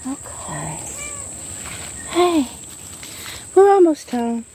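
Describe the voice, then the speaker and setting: Lady filming on her phone in the woods, high voice that swoops all over, crickets and bugs going behind her. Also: drawn-out words, background noise. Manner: excitable, coos at her kitten. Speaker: vlogger. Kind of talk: casual nature vlog. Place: outdoors in the woods.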